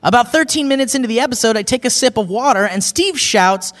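Co-hosting a live podcast, a man with a very high voice reads a listener's letter aloud, casual and amused. He is expressive and fast with few pauses, laughing as he reads and breaking into shouted impressions. The show venue has an audience, and the sound carries long hall reverb.

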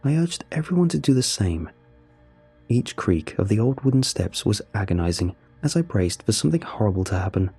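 A young man narrating a first-person horror story in a somber, steady way. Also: fairly low pitch, a little fast, slightly rough, soft background music.

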